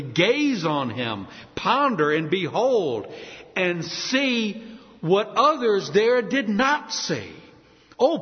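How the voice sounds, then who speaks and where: Male preacher, lively swooping intonation, emphatic sermon delivery, lo-fi hall recording. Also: high-pitched. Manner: emphatic, dramatic preaching with slow stressed repetitions. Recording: reverberant hall, dull lo-fi sound.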